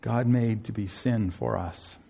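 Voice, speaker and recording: A man preaching a sermon in an earnest, pleading way, swinging between soaring emphasis and hushed tenderness. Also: fairly low pitch, measured pace, creaky, slightly rough.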